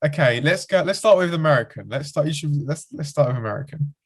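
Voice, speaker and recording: A man's voice: fairly high pitch, lively intonation, fast, husky. A man co-hosting a podcast, chatting casually with enthusiasm and frequent giggles. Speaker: podcast co-host. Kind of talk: casual chat.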